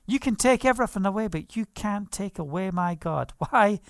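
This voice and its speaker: A man's voice: high-pitched, expressive, normal speed, no echo, clean studio sound. A man preaching a sermon, fervent, asking the listeners questions and laughing now and then. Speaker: pastor.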